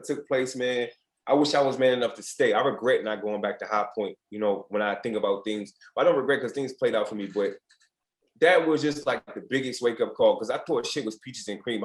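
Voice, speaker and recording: A man in his late twenties tells his story at a quick clip, in casual, profane, candid talk. His voice sits at an ordinary mid pitch for a man. The room around him rings with a noticeable echo. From United States, Virginia. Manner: candid, profane, reenacts quotes in other voices. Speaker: podcast guest, former basketball player.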